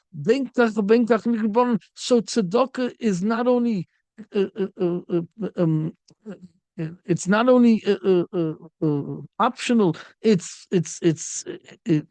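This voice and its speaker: A man's voice: high voice, no room sound. A man, a rabbi, giving a Torah lecture, telling stories and acting out the people in them. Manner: animated storytelling, acts out quoted speakers.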